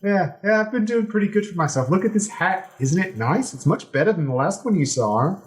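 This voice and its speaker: A man's voice: high voice, animated, a little fast, voice pushed up. A man doing a boisterous pirate king who gushes over his guests in loose, slangy talk. The voice is pushed well above his usual register and carries an eager, showy lilt. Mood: boastful, eager. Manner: gushing, over-friendly, casual slangy talk. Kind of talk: tabletop role-play character voice.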